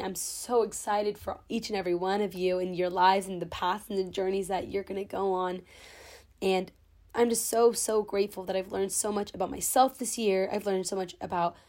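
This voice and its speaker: A woman's voice: mid-range voice, steady tone, moderate pace. Sentimental young woman podcast host. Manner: sentimental, tearful but holding back. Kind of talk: heartfelt podcast monologue. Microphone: own camera.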